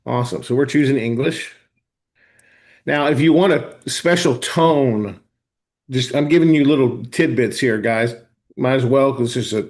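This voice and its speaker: A man hosting a live online class, talking viewers through software step by step in a casual, chatty way. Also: mid-range voice. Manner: casual, talks to viewers directly, thinks aloud while clicking. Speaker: host of a software training session. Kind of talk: live screen-share walkthrough.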